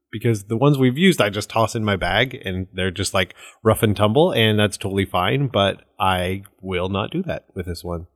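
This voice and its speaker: A man's voice: on the low side, no room sound, studio quality. A man hosting a casual podcast chat, moving the talk along in an easygoing way. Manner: easygoing, leads the segments. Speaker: podcast host.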